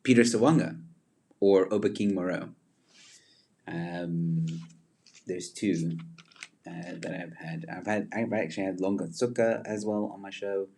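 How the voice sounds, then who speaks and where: A man with a deep voice hosts a casual livestream, chatting loosely with viewers. He rambles, trails off and restarts, filling gaps with lots of ums. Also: measured pace, creaky, long pauses, mellow. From Zimbabwe. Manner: rambling, many fillers and restarts. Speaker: livestream host. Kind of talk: casual livestream chat reading viewer comments.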